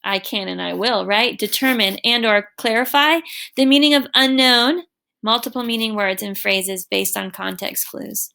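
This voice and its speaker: A woman's voice: on the high side, normal speed, creaky, pushed and bright. A woman teacher recording an online lesson for her students, talking in an encouraging, affectionate way and checking in with "right?" and "okay?".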